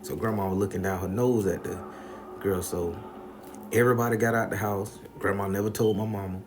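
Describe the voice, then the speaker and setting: Crude, animated male storyteller. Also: on the low side, brisk, noisy background. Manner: crude, animated, profane slang. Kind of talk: comedic storytelling.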